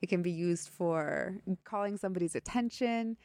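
A woman's voice: on the low side, moderate pace, darkish tone, no room sound. A woman from Mexico co-hosting a podcast, explaining at length in casual chat and laughing often. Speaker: podcast co-host. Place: radio studio.

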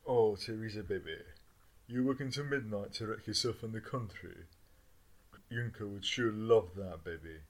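Man putting on a crooning smarmy husband. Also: normal speed. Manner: low crooning, drawling every line with baby. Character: older male political husband, crooning and smarmy.

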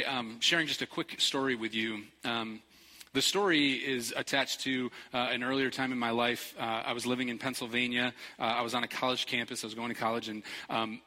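Middle-aged pastor guy, joking storyteller sermon, really bright tone, echoey hall. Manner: playful, animated storytelling with jokes and high-pitched quoted voices. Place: large church hall. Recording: long hall reverb.

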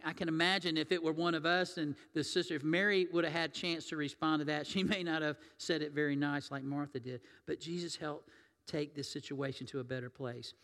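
Pastor, male, fairly high voice, conversational sermon, long church-hall reverb. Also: a bit bright. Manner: conversational, asks the congregation questions. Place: church sanctuary.

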